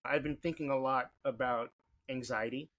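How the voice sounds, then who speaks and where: A man from New York talking candidly as a podcast guest, in quick bursts and with casual swearing. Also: mid-range voice, steady tone, a bit bright. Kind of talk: conversational interview.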